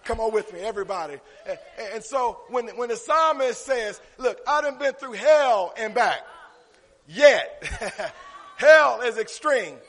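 A preacher with a high voice, working the crowd with call-and-response and rising to shouted peaks. His sermon rings out through a church sanctuary with a long, hanging reverb. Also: expressive, unhurried. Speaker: pastor.

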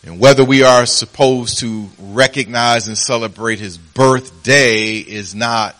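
A man's voice: a little slow, fairly bright tone. A man preaching as pastor, telling a story and acting out its voices. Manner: storytelling, acts out voices with rising pitch. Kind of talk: sermon with a told joke.

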